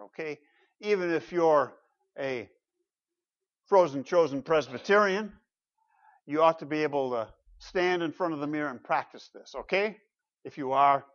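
A man's voice: on the high side, a bit bright. A man preaching a sermon as pastor, emphatic and conversational, with frequent asides to the congregation. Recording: muffled lo-fi recording.

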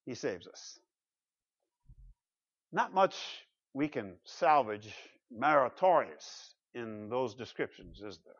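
Male pastor, sermon, lively swooping pitch, rhetorical questions, dull lo-fi sound. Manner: animated, rhetorical questions, emphatic repetition. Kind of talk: expository sermon.

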